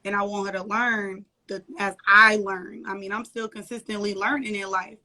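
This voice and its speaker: A woman's voice: mid-range voice, flat delivery, normal speed, sharp tone. Laughing young woman on a video call. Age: young adult. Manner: laughing often, loose slangy storytelling. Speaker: guest, entrepreneur and mother. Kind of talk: casual interview chat. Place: home corner on a live video call.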